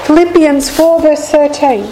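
Slow, high-voiced woman preaching. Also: steady tone, dark tone, a little hiss or hum, poor audio. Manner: slow, deliberate, repeats scripture lines. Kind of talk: slow Bible teaching.

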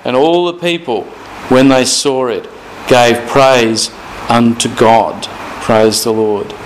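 A man preaching a sermon, slowing down and repeating scripture phrases for emphasis. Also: mid-range voice, slight background noise, low-quality recording. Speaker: pastor.

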